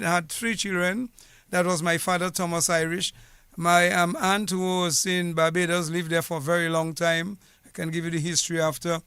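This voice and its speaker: A man's voice: high voice, creaky, fairly bright tone, clean tone, dry recording. A man from Dominica, a former police officer telling his family history in an earnest, formal, rambling way on a radio interview in a studio. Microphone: studio mic with headset.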